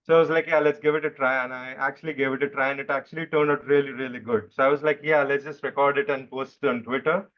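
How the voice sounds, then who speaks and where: A young man answering interview questions in a relaxed, explanatory way, often stopping and restarting. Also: mid-range voice, fast, few pauses. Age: young adult. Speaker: interview guest. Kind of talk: casual chat. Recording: dull lo-fi microphone.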